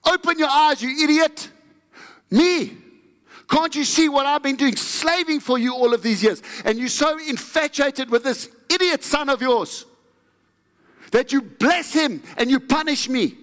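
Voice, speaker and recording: A man acting out a bitter older brother who shouts insults at his father, his voice pushed high and strained, in an echoey hall. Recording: echoey hall with long reverb.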